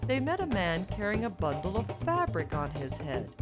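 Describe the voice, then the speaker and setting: Woman storyteller, sing-song, very lively pitch, lowish voice, music bed. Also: moderate pace, hardly any pauses. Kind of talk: storybook narration for children.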